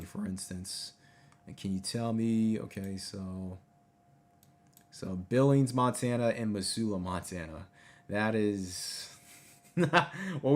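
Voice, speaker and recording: A man hosting a casual livestream, talking over a map and reading out numbers, excitable and often repeating himself. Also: lowish voice. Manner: excitable, exclamatory, repeats phrases. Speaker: livestream host.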